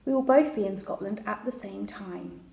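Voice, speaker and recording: A woman's voice: medium pitch, moderate pace, gravelly, mellow. A woman voicing a cheeky, literal-minded boy in a storybook read aloud. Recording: roomy echo.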